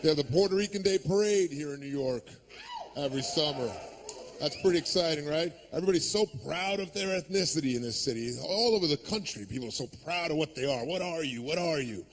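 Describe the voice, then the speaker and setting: A man doing a stand-up routine on a club stage, ranting sarcastically and acting out shouted street voices on a handheld mic. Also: fairly high pitch, expressive, fast, a little hiss or hum. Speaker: stand-up comedian.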